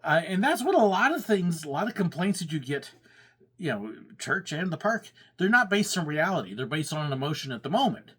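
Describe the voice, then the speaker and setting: A man's voice: fairly high pitch, sing-song, a little fast, fairly bright tone, breathy edge. A man who once worked as a pastor and at theme parks, telling stories casually with frequent laughs and acted-out complaints. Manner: chatty, laughs often, acts out quoted complaints. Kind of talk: casual storytelling monologue.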